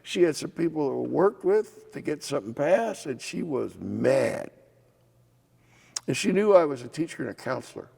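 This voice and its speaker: An older man, a former legislator and state official, telling anecdotes in an oral history interview with a gravelly voice. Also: fairly high pitch, a little fast, hardly any pauses. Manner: animated anecdotes with acted quotes and laughs. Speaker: former legislator and assistant insurance commissioner. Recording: hall reverb.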